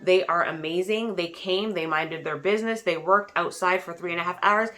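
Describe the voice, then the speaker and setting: A woman in her thirties telling a story to her followers, animated and acting out the quotes with big jumps in pitch. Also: moderate pace. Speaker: vlogger. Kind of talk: casual storytelling.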